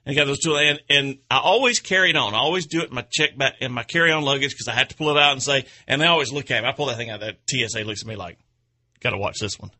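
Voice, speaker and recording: A man's voice: medium pitch, rapid-fire, hardly any pauses, sharp tone. A man hosting an outdoors radio show, chatting in a rambling, folksy way and chuckling at his own stories. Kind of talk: casual radio chat.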